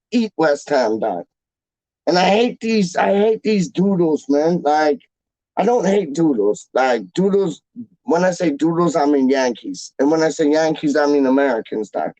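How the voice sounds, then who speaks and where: A man's voice: fairly high pitch, a little mellow, no echo, low-quality recording. A young man hosting a fan channel, chatting casually to viewers in a rambling, slangy way that repeats itself.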